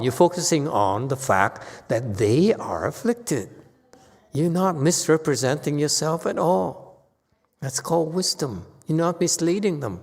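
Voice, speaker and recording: A man's voice: fairly high pitch, gravelly, husky. A man, a Buddhist master, giving a Dharma talk in an emphatic, sometimes playfully teasing way. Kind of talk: sermon. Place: temple hall. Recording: long hall reverb.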